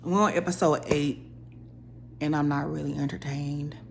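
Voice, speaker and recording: A young woman casually ranting about a reality show, opinionated and animated, her voice jumping up when she quotes people. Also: low-pitched, moderate pace, creaky, slight background noise. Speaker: reality TV commentator.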